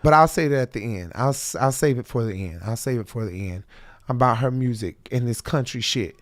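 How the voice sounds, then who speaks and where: A man's voice: medium pitch, expressive, a little fast, no echo, studio quality. A man hosting a reaction show, giving blunt, profane, heated commentary. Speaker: host.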